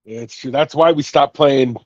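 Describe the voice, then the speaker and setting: A man's voice: medium pitch, a little slow, a little mellow, dry recording, dull audio. A man co-hosting a casual gaming chat show, who laughs easily and answers in short, agreeing bursts. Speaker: co-host.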